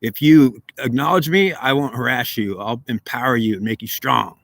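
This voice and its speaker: A man's voice: mid-range voice, normal speed, creaky, a bit bright, no room sound. A man voicing a domineering male devil who calls himself god of this world and demands to be acknowledged, threatening and insistent.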